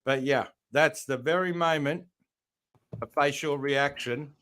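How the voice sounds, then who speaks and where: A man's voice: on the high side, unhurried, fairly bright tone. A man from Australia, a guest on a live-stream panel, explaining at length in a rambling, casual way.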